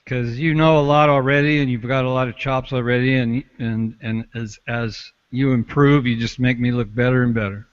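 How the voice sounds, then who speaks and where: Relaxed man, vocal coach on a call. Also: mid-range voice, moderate pace, few pauses, smooth. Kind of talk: casual chat. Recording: dull lo-fi online call audio.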